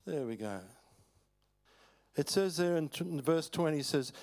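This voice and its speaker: Folksy older Australian preacher. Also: male voice, a little high, animated, darkish tone. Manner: folksy storytelling, chuckles often, halting restarts. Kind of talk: sermon. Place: church hall.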